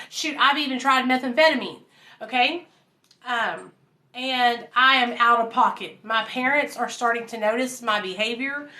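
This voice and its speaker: Chatty bright-voiced woman telling her story. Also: a little high. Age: 30s. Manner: chatty, addresses viewers as y'all and you guys. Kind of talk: casual storytelling to viewers.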